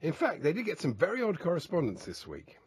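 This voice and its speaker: A man's voice: fairly high pitch, huge pitch swings, fast, breathy edge. A man co-hosting a sports radio show, introducing clips and laughing along. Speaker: radio co-host. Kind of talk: jokey sports radio banter.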